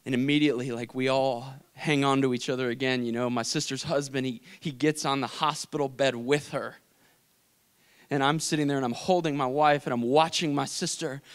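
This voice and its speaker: A young adult man telling an emotional personal story in a faith talk, swinging from hushed to intense. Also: medium pitch, steady tone, brisk, clear, resonant tone. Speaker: speaker.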